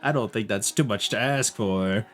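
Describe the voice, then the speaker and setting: A man's voice: fairly low pitch, moderate pace, fairly bright tone, faint music behind, close to an everyday voice. A man reading aloud as a fussy young woman stuck in a stuffy uniform, in a slightly nasal, whiny way.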